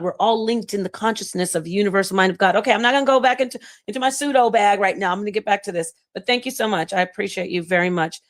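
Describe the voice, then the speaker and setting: A woman hosting her own channel, teaching on scripture in a casual, emphatic way, reading passages aloud and talking straight to her viewers. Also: mid-range voice. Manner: animated, emphatic, reads excerpts aloud and thanks viewers. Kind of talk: casual livestream-style teaching and commentary.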